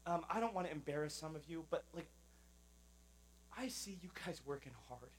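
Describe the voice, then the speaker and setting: A man's voice: fairly high pitch, animated, normal speed, husky, low-quality recording. Man preaching in a loose, chatty way. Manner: conversational, loose, with many fillers. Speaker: pastor. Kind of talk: sermon.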